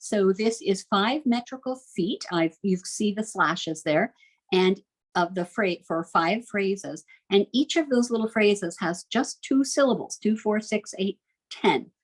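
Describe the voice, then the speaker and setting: A woman's voice: medium pitch, rough recording. A woman teaching a recorded homeschool literature lecture, chatty and enthusiastic, with frequent "uh" fillers.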